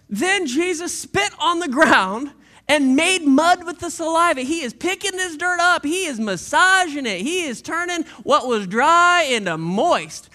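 A pastor preaching a sermon in a casual, animated way, full of slang and playful asides. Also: high voice. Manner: animated, conversational storytelling with slang; shifts into a quiet, reflective tone late on.

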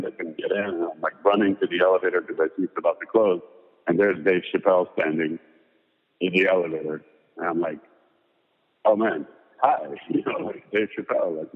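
Deep-voiced man telling a rambling anecdote. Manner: rambling, animated anecdote with many fillers. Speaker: interview guest. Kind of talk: casual storytelling. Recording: tinny phone-like sound with long reverb.

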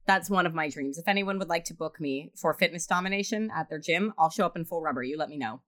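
A woman's voice: low voice, quick pace, a bit bright. Dry, playful woman podcast host. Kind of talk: casual chat.

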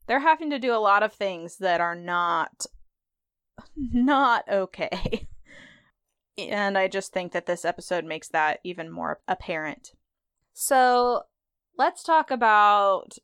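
A woman's voice: mid-range voice, a bit bright, smooth, no echo, studio quality. A woman podcast host giving a chatty, conversational recap of a TV episode.

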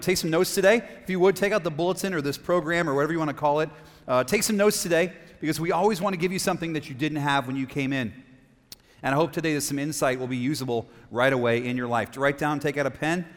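A man preaches in an animated, question-filled style, his voice sitting a touch high for a man. He reads passages aloud with a dramatic flair. A long reverb from the church hall trails each phrase. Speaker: pastor. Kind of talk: sermon. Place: church auditorium.

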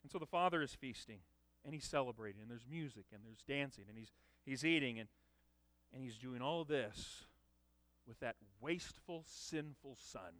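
A man preaching a sermon, emphatic, with loud dramatic peaks. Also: medium pitch, normal speed, no room sound. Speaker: pastor.

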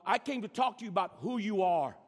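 High-voiced pastor preaching in a reverberant hall. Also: male voice, lively intonation, brisk. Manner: repeats words when starting a phrase. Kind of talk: sermon. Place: large church sanctuary.

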